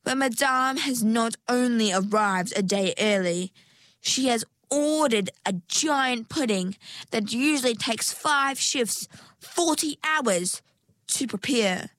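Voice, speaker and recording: A woman voicing a hurried, spiky female sea-creature waiter in a storybook, brisk and conspiratorial. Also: on the high side, a bit bright, no room sound, pitched above the performer's own voice.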